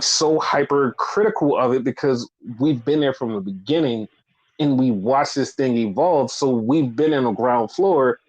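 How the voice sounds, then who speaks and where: A man's voice: medium pitch, darkish tone, muffled recording. A man co-hosting a casual wrestling podcast, ranting with lots of swearing and repetition. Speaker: podcast co-host.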